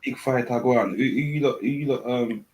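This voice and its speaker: A man's voice: mid-range voice, brisk, darkish tone, dull audio. A man, laid back and casually swearing in a panel chat. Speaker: panel regular.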